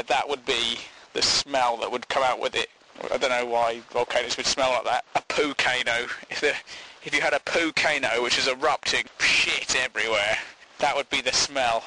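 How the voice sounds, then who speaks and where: A man's voice: medium pitch, bright, forceful tone, a little hiss or hum, poor audio. A man hosting a podcast, rambling through a crude comic monologue and laughing at his own jokes. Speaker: podcast host.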